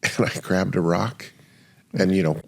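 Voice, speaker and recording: A man in his sixties with a deep, gravelly voice hosts a podcast conversation. He talks casually and hesitantly, with plenty of fillers as he shares his own story. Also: a little slow. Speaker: podcast host.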